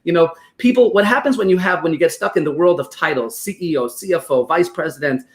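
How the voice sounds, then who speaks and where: A man with a New York accent, a guest on a podcast interview, explaining business ideas through animated stories and acted-out quotes. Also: a little high, quick pace. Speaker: guest expert on business operations.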